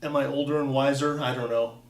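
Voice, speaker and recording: A man's voice: medium pitch, steady tone, brisk, far from the mic. A man in his fifties from Wisconsin wanders through a personal story, stopping and restarting with dry, self-mocking asides. He sits back from the microphone in an echoey room. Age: 50s. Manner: rambling, self-interrupting, wry. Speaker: vlogger. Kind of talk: casual personal monologue.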